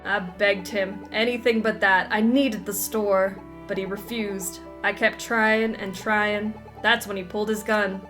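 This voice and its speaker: A woman's voice: mid-range voice, fairly even intonation, unhurried, hardly any pauses, fairly bright tone, faint music behind, lightly acted. A woman reading the lines of a folksy male barber who is secretly an escaped convict, using drawling, homespun turns of phrase as game dialogue. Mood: pleading.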